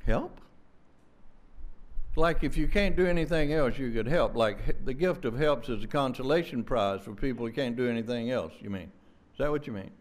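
A man preaching a sermon in an emphatic, fervent way, repeating words and restarting with quick stammers. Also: mid-range voice, expressive.

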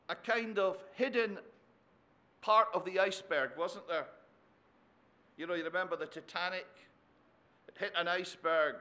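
A man's voice: on the high side, a bit bright. A man preaching an expository sermon, often turning points into tag questions and adding dry humor.

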